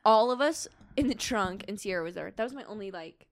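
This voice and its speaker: A woman's voice: mid-range voice, expressive, brisk. A young woman co-hosting a casual chat podcast, reacting eagerly and laughing along. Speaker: podcast co-host.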